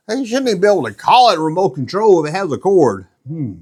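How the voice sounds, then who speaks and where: A man's voice: sits high, big pitch swings, fairly quick. A middle-aged man hosting a casual show-and-tell vlog, rambling and joking as he goes. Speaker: YouTube collectibles host.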